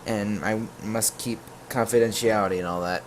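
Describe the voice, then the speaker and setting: A man's voice: lowish voice, steady tone, moderate pace, slight background noise. Jokey man telling a storytime tale. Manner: jokey, full of asides and self-corrections. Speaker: YouTube storyteller. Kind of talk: casual storytime narration.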